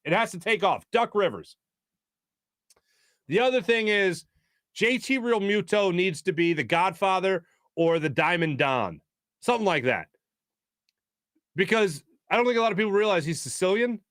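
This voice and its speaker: A man's voice: high-pitched, lively intonation, normal speed, pauses often, a bit bright, no echo. A man hosting a casual sports talk stream from a small studio, joking loosely and reading viewer comments aloud with plenty of fillers. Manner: loose, jokey, reads chat aloud with many fillers. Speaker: sports talk show host.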